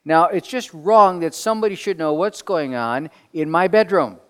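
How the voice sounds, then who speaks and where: A man leading a group Bible study in a conversational sermon style, asking questions and swinging from soft to emphatic. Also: on the high side, normal speed, clear, resonant tone. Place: room with people around tables. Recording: long hall reverb.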